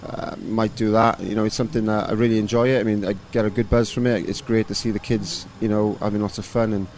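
A man in his thirties, a rugby coach, answering interview questions in a relaxed, rambling way with lots of fillers. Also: fairly low pitch, quick pace, a little hiss or hum. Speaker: rugby coach and former player.

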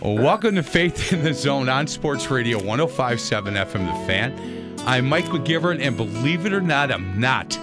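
A man's voice: mid-range voice, big pitch swings, moderate pace, over music. A man hosting a sports radio show, chatting casually and joking as he tells stories over a studio headset. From Wisconsin.

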